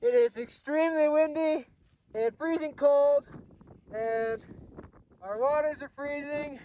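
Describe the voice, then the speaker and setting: A man's voice: very high-pitched, takes it slowly, mellow, a little hiss or hum. Tired, hesitant man on a cold mountain. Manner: hesitant, many fillers. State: cold and tired at high altitude. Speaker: mountain biker on expedition. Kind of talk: casual vlog chat. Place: outdoors on a windy high mountain.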